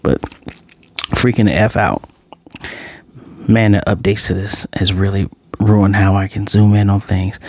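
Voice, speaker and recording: A man giving a casual, animated episode review, ranting and acting out the characters' lines as he goes. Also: fairly low pitch, no room sound. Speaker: anime reviewer.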